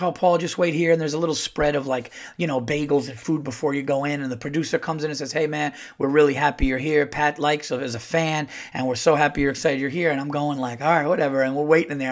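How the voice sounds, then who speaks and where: A middle-aged man, a comedian hosting his podcast, telling a casual story and acting out the dialogue. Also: medium pitch. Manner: animated, acts out quoted dialogue.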